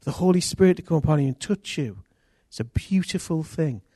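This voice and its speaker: A man preaching a sermon as pastor, earnest and intimate, with sudden loud rises. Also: fairly high pitch, expressive, a little fast, no echo, studio quality.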